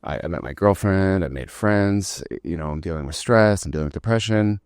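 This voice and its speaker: A man's voice: low voice, a little fast, darkish tone, clean tone, no echo, clean studio sound. A man, telling his startup story as a podcast guest in a rambling, casual way, full of "like" and the odd swear word.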